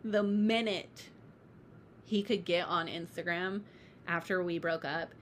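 Young woman, low-pitched, chatty and profane, unscripted podcast feel, light noise under the voice. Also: fairly even intonation, slow. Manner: chatty, heavy on "like", swears freely. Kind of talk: casual candid chat. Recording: faint background noise.

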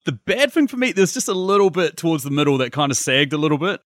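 A man hosting a casual film podcast, animated and acting out characters' reactions as he talks. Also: on the high side, fast, no echo, clean studio sound. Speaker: podcast host.

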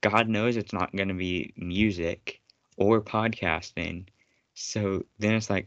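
Very low-voiced man chatting casually. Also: steady tone, takes it slowly, fairly bright tone, no echo, muffled recording. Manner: rambling, self-interrupting. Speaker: podcast co-host. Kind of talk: casual chat.

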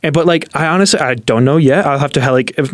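Male podcast co-host, excitable, restarts often, dry close recording. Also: on the high side, no room sound. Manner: excitable storyteller, halting restarts. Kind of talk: casual chat.

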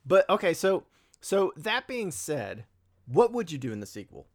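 A man's voice: a little high, moderate pace. A young man co-hosting a casual movie podcast, rambling and correcting himself as he talks. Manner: rambling, self-correcting, animated when excited. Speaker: podcast co-host.

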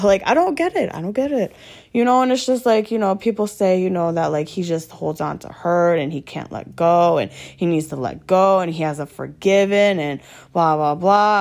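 A woman with a low, dusky voice talking straight through an unscripted monologue. She rambles, crams in filler words and swears freely, with an exasperated edge and plenty of rhetorical questions. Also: normal speed, creaky, darkish tone. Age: adult with children. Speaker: vlogger venting about her partner.

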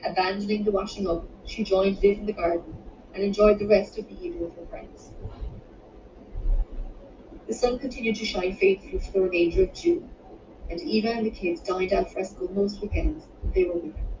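A woman's voice: medium pitch, fairly even intonation, warm tone. Woman reading her novel, roomy and muffled. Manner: measured, unhurried reading with small restarts. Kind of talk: audiobook narration. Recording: roomy, distant, muffled home recording with background noise.

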